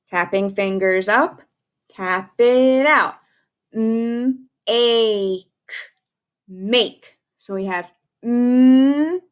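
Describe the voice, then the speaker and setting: A woman's voice: medium pitch, fairly bright tone. A young woman teacher giving a patient, sing-song phonics lesson to young children, calling out sounds for them to repeat.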